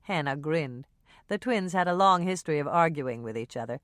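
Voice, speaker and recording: A woman narrating an audiobook in a calm, even reading style. Her voice sits low and is recorded close on a dry studio mic. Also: moderate pace, no room sound. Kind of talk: scripted narration.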